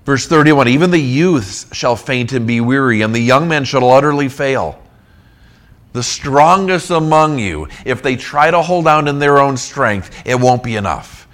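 A man preaching a sermon on scripture, emphatic, rising to near-shouts and dropping low. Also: lively intonation, measured pace. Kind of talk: expository sermon.

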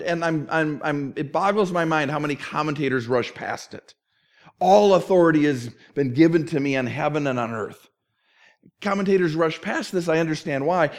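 A middle-aged man preaches a sermon, his voice sitting a little high for a man. He tells stories with energy and slips into the voices of the people in them. It is a pastor's delivery, built for a congregation. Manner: animated storytelling with acted-out quotes.

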